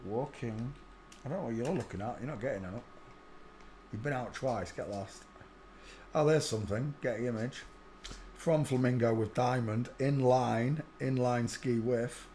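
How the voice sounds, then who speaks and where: A man giving casual, muttered running commentary as he looks over footage, often speaking softly under his breath. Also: medium pitch, measured pace, a little hiss or hum. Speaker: channel host.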